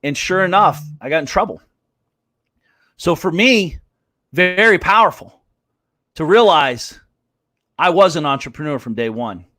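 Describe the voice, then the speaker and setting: A man's voice: a little high, animated, unhurried, pauses often, sharp tone, dry recording, studio quality. A man hosting a live business show, ranting bluntly and swearing as he acts out voices of others. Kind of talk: fired-up motivational rant.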